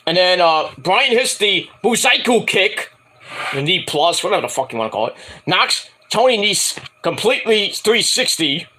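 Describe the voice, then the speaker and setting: A man rattles through a wrestling show review in a casual, rambling way, swearing freely and breaking into mocking asides. His voice sits high and swings widely in pitch. The tone is bright and sharp. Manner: excitable, profane, rambling, mocking impressions. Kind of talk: casual recap vlog.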